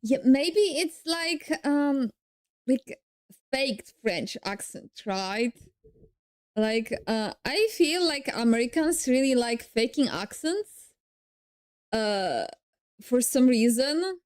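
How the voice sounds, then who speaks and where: A woman's voice: fairly high pitch, a little mellow. A young woman with a Polish accent, a streamer casually reacting and thinking aloud with frequent restarts.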